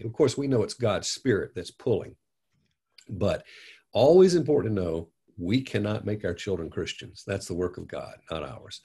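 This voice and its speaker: A man's voice: fairly low pitch, sing-song, normal speed, creaky, darkish tone, slightly rough. An older male pastor telling family stories in an earnest, folksy way, with many fillers and restarts. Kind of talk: conversational storytelling.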